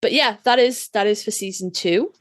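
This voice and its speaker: A woman's voice: mid-range voice, normal speed, no room sound, clean studio sound. Woman joking on a podcast. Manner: blunt, joking, swears casually. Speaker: podcast co-host. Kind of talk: casual chat.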